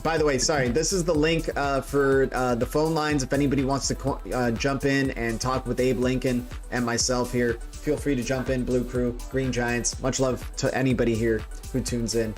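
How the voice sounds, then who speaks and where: Man host, casual joking livestream banter, mid pitch, faint music behind. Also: level tone, moderate pace, hardly any pauses. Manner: joking, rambling, many restarts. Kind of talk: casual crypto livestream chat.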